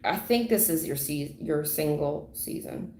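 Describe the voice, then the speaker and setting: A woman giving a livestream tarot reading in a dramatic, repetitive way, acting out sudden endings with loud exclamations. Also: low voice, animated, unhurried. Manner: dramatic, repetitive, full of sound effects. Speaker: tarot reader. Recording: echoey room.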